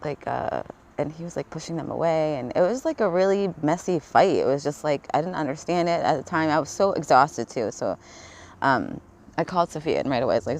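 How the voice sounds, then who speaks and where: A woman's voice: low-pitched, animated, fairly quick, darkish tone, poor audio. A woman vlogging in a rambling, casual way, swearing freely, laughing often and smoking while she talks. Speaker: spiritual vlogger.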